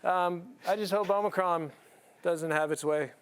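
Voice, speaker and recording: Comedian panellist, man, high smooth voice, dry jokes. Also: measured pace. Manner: deadpan joking, playful voice swings.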